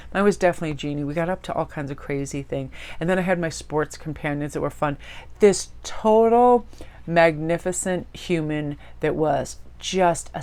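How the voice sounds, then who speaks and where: Low-voiced woman gushing over tarot cards. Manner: gushing, rambling, chatty. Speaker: tarot reader. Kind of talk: casual chat showing a tarot deck.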